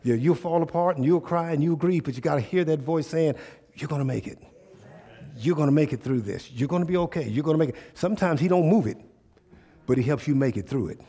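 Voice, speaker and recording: A man's voice: fairly high pitch, quick pace, breathy edge. A male preacher giving a sermon, speaking. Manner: call-and-response preaching, rising to loud animated storytelling.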